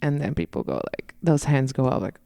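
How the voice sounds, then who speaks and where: A woman's voice: extremely low pitch, animated, a little fast, creaky, warm tone, no room sound, clean studio sound. A woman guest on a podcast, talking casually and animatedly about dance, laughing at herself and acting out little quotes.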